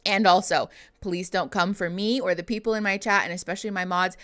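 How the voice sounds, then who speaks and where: Chatty, laughing woman streamer, a touch low. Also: fairly even intonation, brisk, fairly bright tone. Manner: chatty, laughs often, swears casually; reads out and answers viewer chat messages. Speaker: therapist streaming reactions to a reality show. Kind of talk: casual livestream chat.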